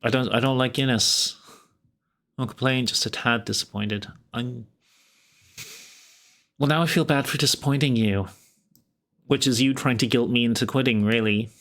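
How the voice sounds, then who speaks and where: A man's voice: medium pitch, moderate pace, long pauses, a bit bright. A young Irish man with an Irish accent, chatting casually with viewers while running a tabletop game as game master, laid-back and often chuckling. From Ireland.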